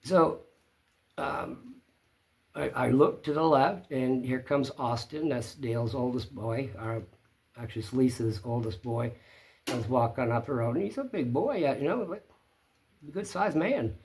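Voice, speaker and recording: A man telling a story to his viewers in a plainspoken, rambling way. His pitch sits in the ordinary middle range for a man. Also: unhurried, a little mellow. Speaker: channel host. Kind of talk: casual storytelling to camera.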